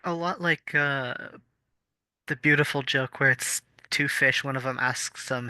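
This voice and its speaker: A man's voice: mid-range voice, steady tone, a little slow, bright, forceful tone, smooth, dry recording. A man co-hosting a casual podcast, explaining things thoughtfully with fillers and restarts. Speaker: podcast co-host. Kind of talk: casual chat.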